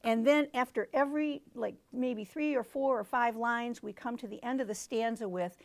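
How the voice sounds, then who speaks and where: A woman's voice: fairly high pitch, normal speed, creaky, few pauses. A woman hosting a book talk for teachers, explaining in a teacherly way and reading poems aloud. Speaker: book reviewer and show host.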